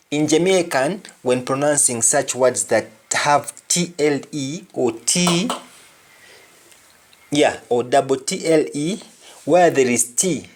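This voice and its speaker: A man giving a pronunciation lesson, saying each example word slowly and deliberately, often twice. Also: medium pitch. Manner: slow, deliberate, repeats each word in pairs. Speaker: language teacher.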